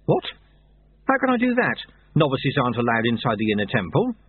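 A man's voice: mid-range voice, huge pitch swings, fairly quick, slightly rough. A man voicing an earnest young novice monk who asks eager, flustered questions, heard through tinny phone-like audio.

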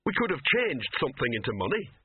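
Man playing a whiny fussy wizard, grumbles and moans, husky voice. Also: medium pitch, very animated, fast, dry recording, phone-quality sound. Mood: peevish. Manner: moaning, peevish. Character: fussy, complaining middle-aged male wizard.

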